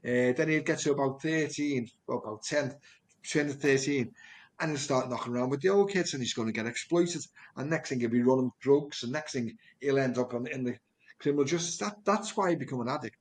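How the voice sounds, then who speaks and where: A mid-pitched man shares stories from his work in a conversation. He talks earnestly and animatedly, often repeating a word as he gathers speed. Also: fairly quick. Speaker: project manager and guest. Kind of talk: storytelling in conversation.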